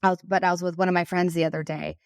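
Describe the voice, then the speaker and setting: A woman in her thirties talks through her podcast in an earnest, conversational way. Her voice sits on the low side, and it comes across dry and close with no room sound. She speaks with passion, like an advisor coaching parents. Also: flat delivery, racing, vocal fry, no echo. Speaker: podcast host and financial advisor. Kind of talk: solo podcast talk.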